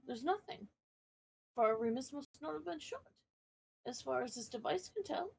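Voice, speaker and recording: A woman's voice: sits high, lively intonation, moderate pace, gravelly, darkish tone, husky, heavily acted. A woman doing an eager young male assistant. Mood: matter-of-fact.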